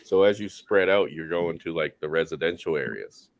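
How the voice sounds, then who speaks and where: A man's voice: sits low, moderate pace, vocal fry, crowd noise. A Canadian man in casual crude banter, rambling and swearing freely as he tells stories. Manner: rambling, swears freely, laughs mid-sentence.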